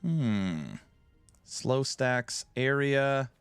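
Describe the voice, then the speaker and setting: A man's voice: medium pitch, drawn-out words, clear, resonant tone, dry recording, soft background music. A man streaming a game build, chatting casually with his viewers in a self-mocking, talk-back way. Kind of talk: casual live-stream chat while gaming.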